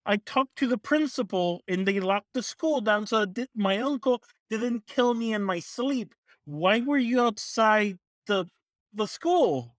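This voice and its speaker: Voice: medium pitch, expressive, a little slow, no room sound, clean studio sound, natural voice. A player voicing a blunt, emotional young woman mage student in a tabletop game. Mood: worried. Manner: blunt, bickering.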